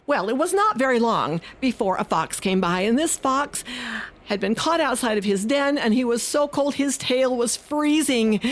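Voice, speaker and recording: A woman storyteller telling a folk tale in an expressive, sing-song way with dramatic pauses. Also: on the high side.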